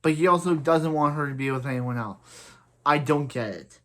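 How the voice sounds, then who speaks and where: A man's voice: a little high, normal speed, a bit bright. A young man casually reviewing a TV episode, rambling with lots of filler words and sounding exasperated at the characters.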